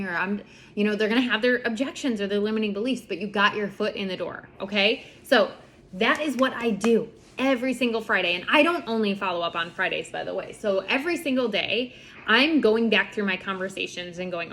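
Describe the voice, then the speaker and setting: A young adult woman giving casual coaching tips to her sales team, chatty and quick, acting out the messages she sends. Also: mid-range voice, a bit bright, slight background noise. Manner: chatty, fast-talking, lots of "like" and acted-out quotes. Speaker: network marketing team leader.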